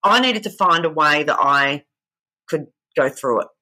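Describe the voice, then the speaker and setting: Bright, frank woman. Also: low voice, lively intonation, measured pace. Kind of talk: casual podcast conversation.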